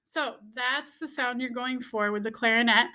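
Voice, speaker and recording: A woman's voice: a little high, moderate pace, pushed and bright. Patient woman music teacher. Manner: patient, repeats steps and checks in with okay. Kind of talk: instructional video lesson.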